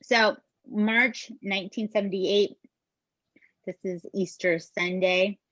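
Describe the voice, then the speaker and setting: Animated woman telling a true-crime story. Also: medium pitch, slow pace, no echo. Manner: animated, emphatic, swears casually. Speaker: podcast co-host. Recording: dull, dry lo-fi podcast mic.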